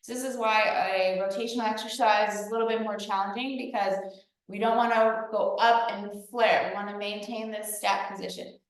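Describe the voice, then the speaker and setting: A woman's voice: mid-range voice, fairly even intonation, normal speed, heavy reverb, far from the mic, poor audio. A woman fitness coach leading a workout, cueing breaths as she demonstrates the moves, a little out of breath. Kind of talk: workout instruction.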